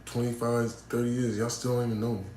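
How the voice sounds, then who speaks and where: Chatting live and casually with fans, a male battle rapper wanders from topic to topic, slangy and profane, sometimes hyped and sometimes subdued. His mid-range voice is mellow and level, and he talks fast. The sound is roomy, with a bit of hiss or hum.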